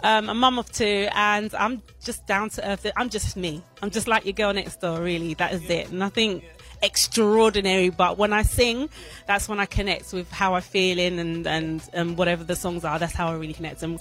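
A woman's voice: medium pitch, fairly even intonation, moderate pace, fairly bright tone. A woman singer with a South East London accent, chatting down to earth and laughing. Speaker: singer, guest. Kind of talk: casual interview. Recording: music behind at a festival.

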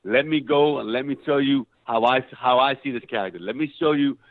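A man's voice: mid-range voice, brisk, dry recording. A middle-aged man, an actor, telling a story in a casual interview, acting out quoted voices. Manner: animated, acts out quoted voices loudly. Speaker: actor guest. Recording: tinny phone-like line.

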